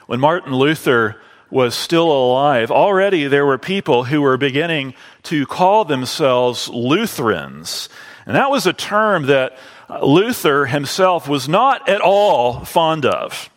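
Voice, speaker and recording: Male preacher, slightly high voice, takes his time, leans hard on key words. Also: very animated, long reverb tail. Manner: slow and deliberate, drawing out key phrases. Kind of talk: sermon.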